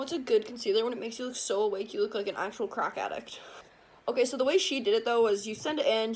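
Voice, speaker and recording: A chatty young woman tells a story to her camera while getting ready, rambling through the retelling with plenty of "like". Her voice sits a little high for a woman. The talk is loose and animated. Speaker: vlogger. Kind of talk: casual storytime while doing makeup.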